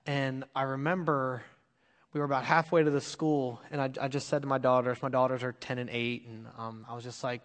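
A man in his thirties preaches with earnest, confessional warmth, his voice at a middling pitch. He moves between quiet storytelling and emphatic urging. A long reverb trails his words through a large hall. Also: level tone, brisk. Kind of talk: personal storytelling sermon.

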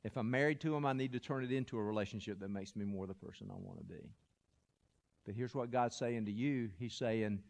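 A man preaching a sermon, telling a story with animated, building energy. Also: medium pitch, a little fast, vocal fry, big-room sound. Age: adult. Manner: animated, builds to loud excited peaks when telling a story. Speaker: pastor.

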